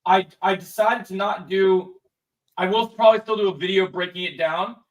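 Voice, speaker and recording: A man's voice: high voice, fairly even intonation, moderate pace, far from the mic, rough recording. A young man hosting a livestream in casual chat, rambling with frequent restarts and repeats. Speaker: livestream host.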